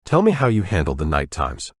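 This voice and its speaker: A man voicing a calm, patient father who tries to settle an argument. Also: rumbling low, fairly quick, dry recording, studio quality, exaggerated voice. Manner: calm, placating.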